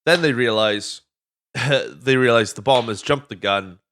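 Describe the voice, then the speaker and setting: A man's voice: unhurried, a bit bright, a little hiss or hum. Rambling Welsh man recapping a film. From Wales. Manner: rambling, swears freely, acts out film lines in silly high voices. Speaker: podcast host. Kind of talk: casual movie recap monologue.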